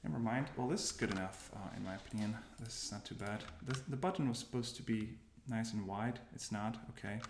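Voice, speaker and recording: A man demos his coding workflow in casual screencast commentary, speaking fairly quickly in a lowish voice with hardly any pauses, yet he thinks aloud, stops often and corrects himself. The audio is roomy with noticeable background noise from keyboard typing and mouse clicks.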